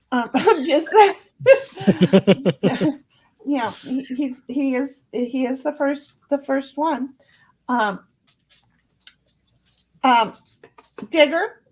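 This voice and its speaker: Woman, livestream host, casual chat, reads comments aloud, rambling, slow, fairly high voice. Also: darkish tone. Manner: rambling, stumbles over repeated words.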